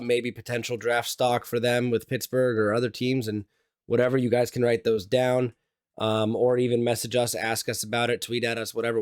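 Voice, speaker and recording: Man, laid-back podcast co-host, mid-pitched, dry close sound. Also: dry recording. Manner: easygoing, chatty. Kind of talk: casual sports podcast chat.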